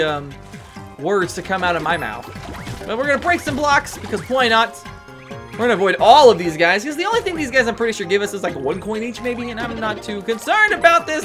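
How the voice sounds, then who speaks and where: A woman hosting a let's play, giving chatty, rambling and self-mocking commentary over gameplay. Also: on the high side.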